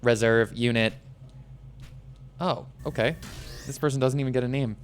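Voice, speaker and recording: A chatty, playful man giving loose live-stream commentary over a game, chatting with his viewers between moves. His voice sits at a plain middle pitch. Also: fast talker, faint music behind. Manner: chatty, playful, talks to chat.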